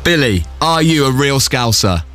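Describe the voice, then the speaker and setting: A man's voice: medium pitch, expressive, moderate pace. A male radio host in casual banter, his voice swooping up and down expressively. He sounds exasperated and self-mocking, with faint music playing under the talk.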